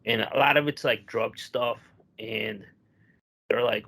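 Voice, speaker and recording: A young man co-hosting a casual podcast chat. He tells long, rambling stories laced with swearing and jumps into voices when quoting people. His voice sits at a middling pitch. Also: fairly even intonation, slow pace, creaky, pushed and bright, husky. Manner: rambling storyteller, profane, acts out quotes. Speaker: podcast co-host.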